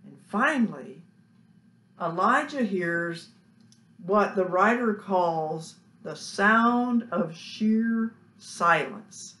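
A woman preacher giving a slow, earnest sermon, letting phrases trail off into soft, hushed endings. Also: mid-range voice, lively intonation. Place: church sanctuary. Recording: echoey church room.

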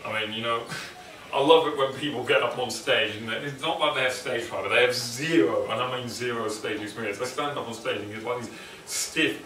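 A man's voice: mid-range voice, fairly quick, a bit bright, distant mic. English male vlog host, loose and joking; recorded off-mic in a roomy space with faint hiss. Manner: joking, self-deprecating, rambling. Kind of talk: rambling casual monologue. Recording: echoey room, mic some way off, faint noise.

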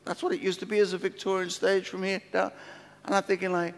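A middle-aged man preaching a sermon as pastor, telling stories in an animated, repeating way with restarts. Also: high voice, quick pace. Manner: animated, repetitive storytelling with many restarts. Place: large former theatre used as a church. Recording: long reverb of a large hall.

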